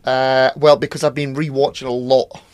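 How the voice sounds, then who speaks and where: A man co-hosting a casual podcast, rambling through his thoughts with lots of ums, restarts and swearing. His voice sits at an ordinary middle pitch. The recording is dry and close, with no room sound. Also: level tone, normal speed, a little mellow, no echo. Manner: rambling, hesitant, swears freely. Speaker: podcast co-host. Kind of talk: casual chat.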